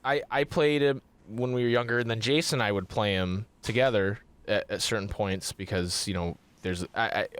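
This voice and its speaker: A man's voice: lowish voice, moderate pace, few pauses, clear, resonant tone. A man with a Midwestern accent, chatting casually as a podcast co-host and acting out quotes as he tells stories. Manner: animated storyteller who acts out quotes.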